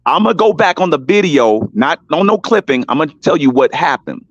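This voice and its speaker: An emphatic man, speaking in a fairly high voice that swings widely in pitch. His talk is heated and repetitive, and he keeps calling on listeners by name. The audio is muffled and completely dry. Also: sing-song, normal speed, no room sound. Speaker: panel guest on an online talk stream. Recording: dull dry stream audio.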